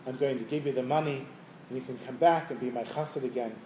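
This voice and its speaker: A man doing a calm wise old Rebbe. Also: medium pitch, fast, a little hiss or hum, lightly acted. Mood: explaining. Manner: calm explaining. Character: wise elderly male Hasidic Rebbe, calm. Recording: roomy room, faint ambience.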